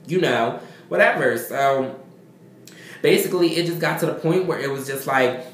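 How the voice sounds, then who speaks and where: A man's voice: medium pitch, a bit bright, a little hiss or hum. A young man, talking earnestly and rambling in an emotional personal vlog, swearing casually. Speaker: vlogger. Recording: echoey room.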